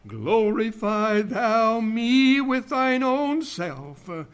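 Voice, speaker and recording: A male preacher with a high, bright, forceful voice delivering a sermon. He speaks slowly and deliberately, quoting old-fashioned scripture. His intensity climbs from hushed phrases into ringing shouts. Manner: King James scripture reading, builds to shouting.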